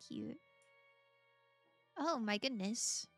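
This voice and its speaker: A giggly young woman chats with her viewers while streaming a game. Her voice is high, bright and sharp. She talks slowly, with wide swings in pitch. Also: vocal fry, faint music behind. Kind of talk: casual gameplay chat, reacting to viewers.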